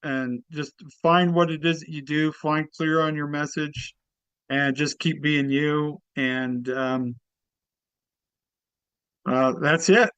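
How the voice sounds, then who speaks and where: Easygoing comedian guest, smooth voice. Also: male voice, a little high, steady tone, a bit bright, no echo, low-quality recording. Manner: easygoing, halting, many fillers. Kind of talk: casual interview chat.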